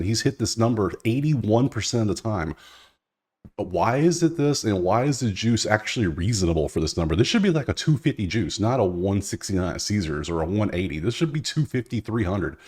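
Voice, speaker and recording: A man hosting a sports betting video, talking casually and thinking out loud as he goes through the numbers, now and then addressing the players directly. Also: fairly low pitch, animated, brisk, husky. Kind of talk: casual solo commentary.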